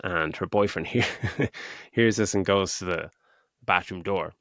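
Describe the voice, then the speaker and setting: A middle-aged podcast co-host with a low, slightly bright voice speaks a little slowly in a dry, clean studio recording. In casual film review chat, he retells a movie's plot, swearing freely and laughing along the way.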